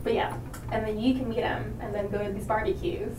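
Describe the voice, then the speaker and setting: A woman's voice: mid-range voice, flat delivery, a little fast, darkish tone, roomy sound, recorded from a distance, a little hiss or hum, poor audio. A woman hosting a podcast in casual chat, laughing often as she talks. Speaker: podcast host.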